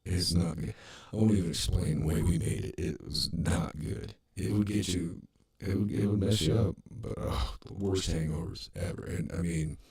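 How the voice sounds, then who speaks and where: A man's voice: low-pitched, moderate pace, gravelly, darkish tone, husky. A middle-aged man hosting a podcast, telling a rambling, profane story full of restarts and fillers. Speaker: podcast host. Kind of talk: casual storytelling monologue.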